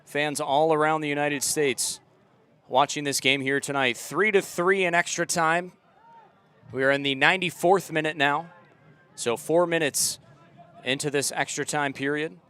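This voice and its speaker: A young man calling a live soccer match outdoors, relaxed and chatty, and loud on close chances. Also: a little high, moderate pace, smooth. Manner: relaxed chatty commentary, rising to loud excited calls. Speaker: play-by-play commentator. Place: outdoor stadium.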